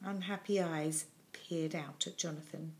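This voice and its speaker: A woman reading a children's storybook aloud as storyteller, with an expressive, clear delivery. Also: low-pitched, a little slow, slight background noise.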